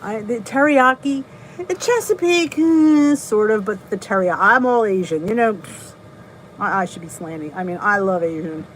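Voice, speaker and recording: This middle-aged New Jersey woman hosts a laid-back live stream, greeting people, reading the chat, and chuckling at herself in a mid-range voice at a moderate pace. The recording is rough, with a little background noise.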